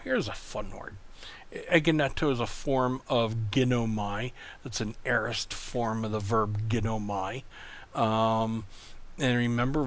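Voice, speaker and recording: A male tutor walks through a recorded Greek lesson at an unhurried pace, pausing often with ums. His voice has a bright, forward tone, and his explanations are patient and methodical. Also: medium pitch. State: coughing.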